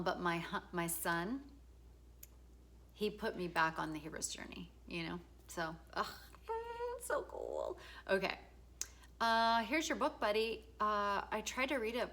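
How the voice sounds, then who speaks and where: A woman's voice: mid-range voice, sharp tone. A middle-aged woman reading her own book introduction aloud, frank and emotional, breaking off for casual asides, laughter and swearing. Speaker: author.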